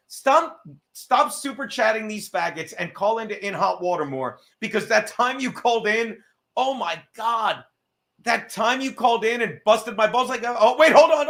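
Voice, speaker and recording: This livestreamer has a high-pitched, bright and forceful voice, and he swears nonstop in a casual way. His rambling sentences keep breaking off while he fiddles with his setup, and he reads viewer messages out loud.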